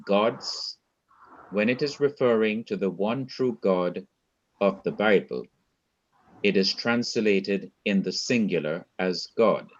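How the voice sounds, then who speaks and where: A Jamaican man teaches a Hebrew class at an unhurried pace, stopping to quiz his students and repeating each word carefully. His voice sits a little low. The recording sounds dull and lo-fi. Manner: slow, deliberate, repeats key words and quizzes students. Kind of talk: online Bible language lesson.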